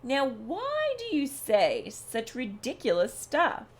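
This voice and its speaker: A woman voicing a gruff, boastful male bear with a growling, scornful voice, reading a storybook aloud. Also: sits high, wildly swooping pitch, takes it slowly, full character voice. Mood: gruff boasting. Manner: snorting, scornful.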